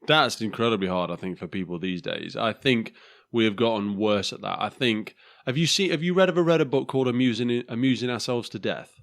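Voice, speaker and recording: Blunt sweary man, low voice. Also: expressive, a little fast, vocal fry, a bit bright. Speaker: podcast host. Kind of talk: casual chat.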